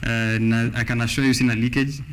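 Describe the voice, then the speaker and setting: A man's voice: mid-range voice, flat delivery, a little fast, a bit bright. Kenyan man hosting a playful quiz. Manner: laughing, playful. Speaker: TV show host. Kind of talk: casual quiz chat. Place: TV studio.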